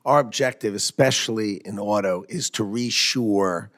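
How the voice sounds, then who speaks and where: A man in his sixties testifying at a hearing, answering questions in a brisk, confident, emphatic way. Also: lowish voice, a bit bright. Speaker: cabinet secretary answering questions.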